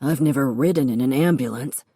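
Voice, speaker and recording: A woman reading an audiobook, voicing a gentle father who coaxes his son in a lowered voice. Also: brisk, breathy edge, no echo, clean studio sound. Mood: coaxing. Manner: low, soft, coaxing.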